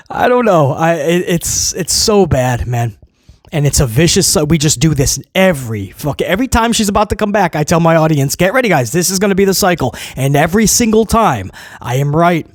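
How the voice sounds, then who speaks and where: A man talks through a wrestling show in a casual spoken review, blunt and emphatic, stacking up repeated phrases. His voice sits fairly high for a man. The sound is dry and close, with no room behind it. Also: expressive, normal speed, dry recording.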